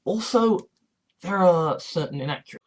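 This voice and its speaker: A man's voice: high voice, lively intonation, normal speed. A man ranting in a blunt, emotional monologue, swearing freely as an online preacher.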